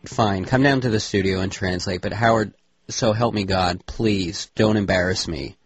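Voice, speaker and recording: A man's voice: lowish voice, moderate pace, husky, dry recording. Flustered, stammering man. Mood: wary. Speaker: radio show host. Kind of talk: scripted radio comedy.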